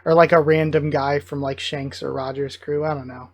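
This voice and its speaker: A man giving live reaction commentary, thinking aloud in an excited, musing way and often correcting himself mid-thought. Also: a little high, normal speed, no room sound. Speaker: reaction video host.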